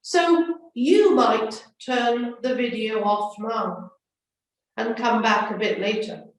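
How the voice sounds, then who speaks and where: A high-pitched woman speaks slowly and gently to schoolchildren, guiding them through an assembly activity. Her voice sits back from the mic in a very echoey room. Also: recorded from a distance. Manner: slow, gentle instructions to children. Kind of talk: children's assembly talk.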